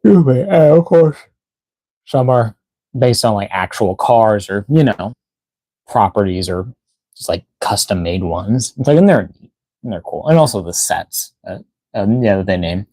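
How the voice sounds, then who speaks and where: A man's voice: fairly low pitch, expressive, a little slow, mellow, dry recording. A tired man hosting a toy unboxing live stream, rambling casually with lots of fillers and yawns. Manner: rambling, filler-heavy, reads chat aloud. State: tired, yawning, out of breath.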